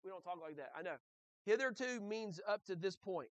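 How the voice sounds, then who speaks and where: A man's voice: sits high, animated, moderate pace, no echo. A man pastor preaching a conversational sermon in church, often checking in with the congregation and asking rhetorical questions.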